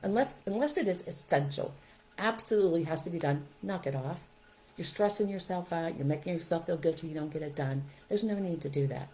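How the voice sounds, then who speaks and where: A middle-aged woman hosts a parenting podcast and talks listeners through their guilt. Her voice sits low and mellow, and her manner is upbeat and coaching. She keeps checking in with "right?" and "okay?". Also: fairly quick, rough recording. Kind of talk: encouraging advice talk.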